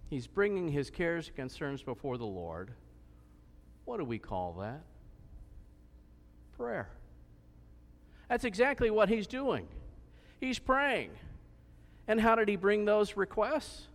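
Lively preaching man in a reverberant hall. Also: fairly high pitch. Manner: lively, questioning, emphatic. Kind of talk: sermon.

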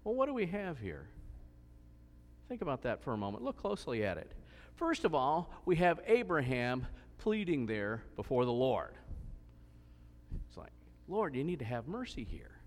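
Lively preaching man in a reverberant hall. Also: mid-range voice, normal speed. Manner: lively, questioning, emphatic. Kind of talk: sermon.

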